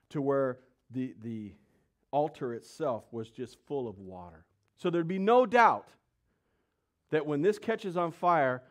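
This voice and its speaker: Guy preaching a sermon, kinda high voice, slangy storytelling, asks the crowd questions.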